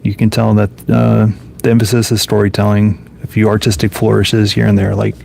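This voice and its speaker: A man's voice: fairly low pitch, completely flat delivery, brisk, creaky, a little mellow. A man casually commenting to himself while flipping through old comic books, offhand and musing. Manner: offhand, musing, mumbles to himself between thoughts. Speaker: comic book collector vlogger. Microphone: phone camera.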